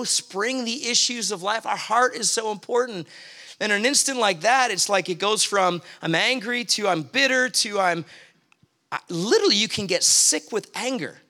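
A man's voice: high voice, pushed and bright. A man preaching a sermon in a conversational way, telling a story from his own life and acting out his anger.

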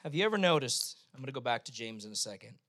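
A man preaching a sermon in a casual, humorous way, sometimes acting out quick voices. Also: medium pitch, expressive, fairly bright tone. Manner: conversational, humorous preaching with sudden bursts of acted voices. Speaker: pastor.

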